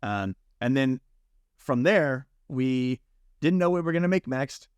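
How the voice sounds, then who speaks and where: A man's voice: medium pitch, animated, unhurried, clear, resonant tone, dry recording, clean studio sound. A man, a film director, chiming in eagerly during a casual interview.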